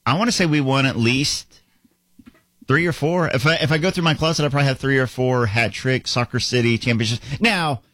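A young adult man co-hosting a casual sports podcast, easygoing and teasing, quick to laugh. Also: mid-range voice, a bit bright, no echo. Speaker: podcast co-host.

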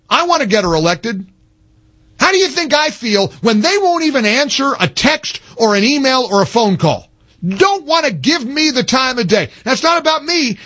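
A man's voice: high voice, a bit bright. A man hosting a talk radio show, ranting emphatically in a fired-up, repetitive way.

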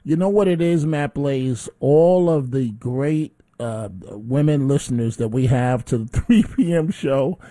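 A man hosting a call-in radio talk show, telling a story in a lively way and acting out his own shouts. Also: medium pitch, measured pace, few pauses, dry recording, studio quality. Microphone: studio microphone.

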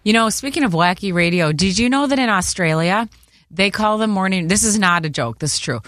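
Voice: mid-range voice, lively intonation, brisk, a bit bright, no echo, clean studio sound. A morning radio co-host bantering casually with playful quips.

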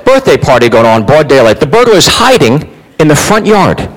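A man's voice: a little high, sing-song, brisk. A man doing a stand-up comedy routine in a brash, profane way, on a comedy club stage with a handheld mic. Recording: live club recording with audience noise.

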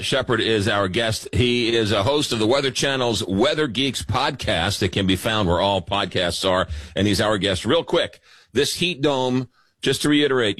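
A man hosting a night-time radio talk show, brisk and conversational with his guest. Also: lowish voice, a bit bright, no echo.

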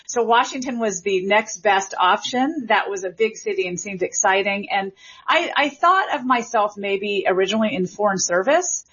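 A Gen X woman from Memphis with a light Southern accent, a linguist answering interview questions in a chatty, animated way with many fillers. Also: mid-range voice, moderate pace, slightly rough, lo-fi sound. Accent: light Southern American. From Memphis, Tennessee. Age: Generation X. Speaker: linguist guest.

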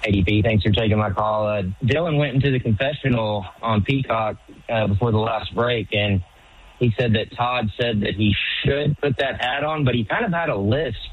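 Male caller over a tinny phone line, husky, hesitant jokey delivery. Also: medium pitch, moderate pace. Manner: joking, hesitant. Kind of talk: call-in talk radio.

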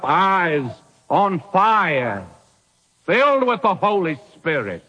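High, lively-voiced male preacher on old radio. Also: dull audio. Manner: emphatic preaching with rhetorical questions. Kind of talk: sermon.

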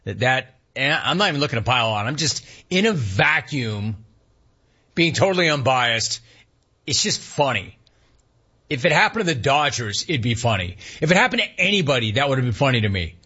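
A man's voice: mid-range voice, very animated, moderate pace, sharp tone, husky, muffled recording. A man hosting a sports talk radio show, telling a baseball story with laughter and mock outrage.

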